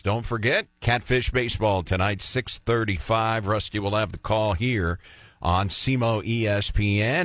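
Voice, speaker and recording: A man's voice: lowish voice, normal speed, a bit bright, faint music behind. A man hosting a sports radio show, talking casually and with opinions, and telling stories from the studio. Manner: chatty, opinionated, storytelling.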